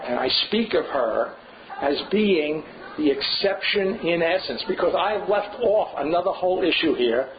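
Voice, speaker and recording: A man's voice: a little high, a little hiss or hum. An older man leading an informal seminar lecture, thinking aloud in a digressive way and often checking in with a rhetorical "right?". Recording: dull lo-fi classroom recording.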